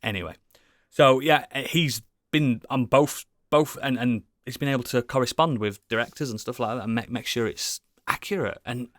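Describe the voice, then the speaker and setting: A man's voice: mid-range voice, moderate pace, fairly bright tone, no room sound, clean studio sound. A British man co-hosting a casual podcast, rambling enthusiastically with lots of swearing and restarts. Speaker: podcast co-host. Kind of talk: casual chat.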